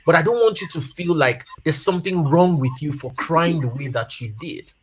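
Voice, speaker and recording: A man's voice: fairly high pitch, normal speed, crowd noise. A man in his thirties or forties talking casually about family life, telling personal stories and repeating key points for emphasis. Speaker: guest speaker on family life.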